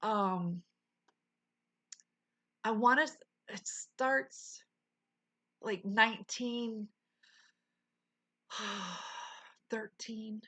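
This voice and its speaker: A woman's voice: a little high, drawn-out words, long pauses, fairly bright tone. A woman streamer chatting casually with her live chat, laughing often and full of exclamations, at a desk mic.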